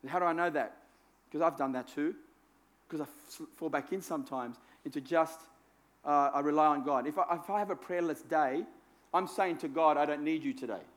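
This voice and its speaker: A man's voice: fairly high pitch, normal speed. A man preaching a sermon in a conversational, self-deprecating way, repeating phrases for emphasis. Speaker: pastor.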